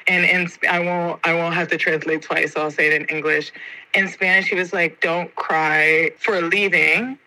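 Podcast guest, young American woman, bright and expressive, emotional storytelling. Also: lowish voice, brisk, low-quality recording. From United States (Georgia). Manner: expressive, slangy, heartfelt.

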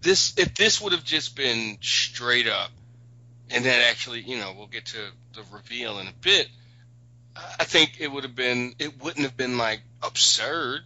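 Bright-voiced man in casual chat. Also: mid-range voice, expressive, measured pace, muffled recording. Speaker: podcast co-host.

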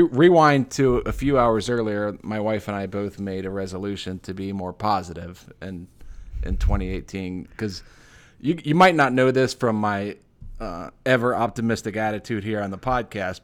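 A man's voice: on the low side, moderate pace. A man co-hosting a podcast in casual chat, rambling and sarcastic, with lots of fillers and self-deprecating jokes. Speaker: podcast co-host.

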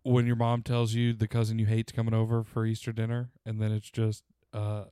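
A man's voice: on the low side, monotone, fairly quick, mellow, smooth, no echo, studio quality. A man hosting a podcast in casual chat, joking, teasing and swearing. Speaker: podcast host.

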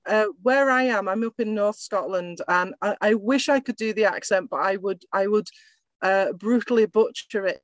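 A woman with an English accent speaks as a guest in a casual interview, friendly and clear as she explains her work. Her pitch sits mid-range. The sound is dry and close. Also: no room sound. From England. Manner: friendly, conversational, explains plainly. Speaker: IT business owner, guest.

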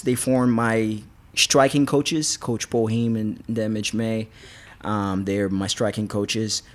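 A man, a fighter guest on a podcast, telling stories in a rambling, casual way with frequent restarts. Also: on the low side. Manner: rambling, restarts, laughs often. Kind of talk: casual storytelling interview.

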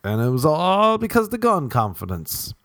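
An Irish man rambling through funny stories in a casual, animated way, swearing freely. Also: a little high, moderate pace. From Ireland. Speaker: comedian. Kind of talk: casual comic storytelling.

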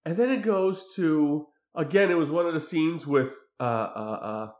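Crude, animated man recapping a film. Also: on the high side, normal speed, reverberant. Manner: crude, animated storytelling with mimicked lines. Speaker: podcast co-host recapping a film. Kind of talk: casual chat.

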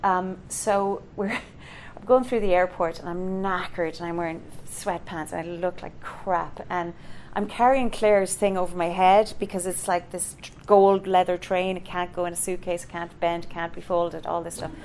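An Irish woman, middle-aged, telling an animated story as a guest in a live interview, full of fillers and acted-out voices. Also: fairly low pitch, moderate pace, few pauses, slight background noise. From Ireland. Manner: animated, acts out quoted voices, many fillers. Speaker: conductor and composer, guest.

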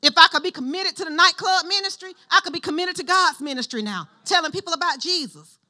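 A middle-aged woman pastor giving a sermon in an animated, conversational style, calling on the congregation to respond. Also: very high-pitched, fast.

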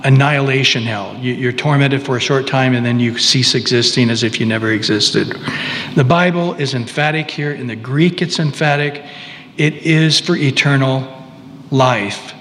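A man's voice: medium pitch, fairly bright tone, a little hiss or hum. Conversational male preacher, hall reverb. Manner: conversational, halting, with asides. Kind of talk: sermon.

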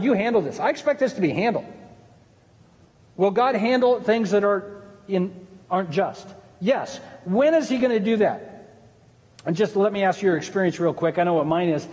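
A man's voice: high voice, darkish tone, in a large hall. A man, a pastor, preaching an earnest, conversational sermon with asides to the congregation.

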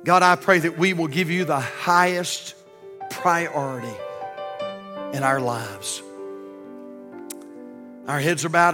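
A man with a Southern American accent, preaching a sermon as pastor, telling jokes with a rising voice and praying in a low tone. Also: in a large hall. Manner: storytelling preacher, voice rising for punchlines and dropping low in prayer. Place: church sanctuary.

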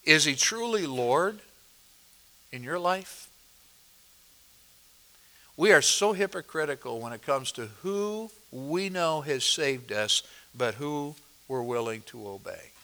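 Brief: male pastor, high bright voice, unhurried expository sermon with rhetorical questions. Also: lively intonation. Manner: expository, asks the congregation questions; swings between loud emphasis and quiet asides.

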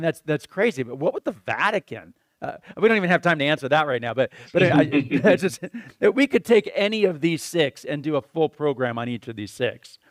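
A man hosting a Christian talk show, talking in a rambling, excitable way, repeating words and calling things crazy. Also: fairly high pitch, dry recording, clean studio sound. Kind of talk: casual conversational preaching.

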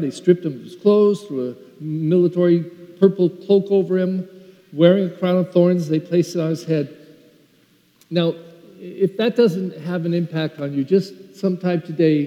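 An older man, a parish priest, telling a story in an earnest Sunday sermon that swings between loud and soft. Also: a little high. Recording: lo-fi recording in a reverberant church.

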